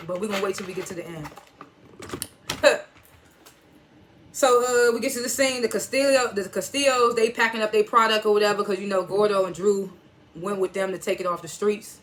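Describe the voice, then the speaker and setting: A fairly bright mid-range voice comes through with a little hiss or hum. It's a TV reviewer speaking AAVE, casually recapping an episode by retelling scenes line by line, quoting characters with "he was like," and reacting with chuckles to the twists.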